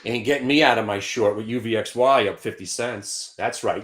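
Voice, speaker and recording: A man hosting a live stock trading show, brash and taunting, dropping to mutters and bursting into shouts. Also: fairly low pitch, normal speed, hardly any pauses.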